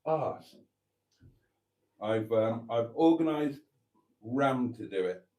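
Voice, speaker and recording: A man's voice: medium pitch, lively intonation, slow pace, a little mellow. A man hosting his own channel, talking casually and ramblingly to his viewers in a camp, fond way, sitting at a table indoors. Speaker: channel host.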